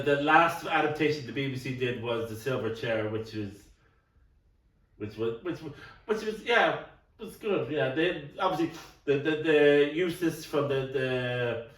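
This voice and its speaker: At a measured pace and medium pitch, a middle-aged man co-hosting a podcast chats casually, rambling and repeating words as he stumbles, coughing every so often. The sound is roomy, with the mic set at a distance.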